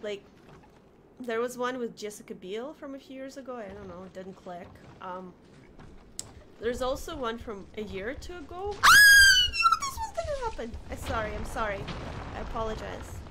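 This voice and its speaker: A young woman streaming a game and chatting with viewers, who shrieks and yells at the game and then apologizes. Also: fairly high pitch, normal speed. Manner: chatty, greets viewers by name. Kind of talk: casual live-stream game commentary. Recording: noisy home stream recording.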